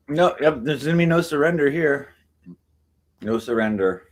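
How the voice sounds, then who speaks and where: A man's voice: a little high, lively intonation, normal speed. Man cooing baby talk to his cats. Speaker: livestream host. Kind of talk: casual livestream chat.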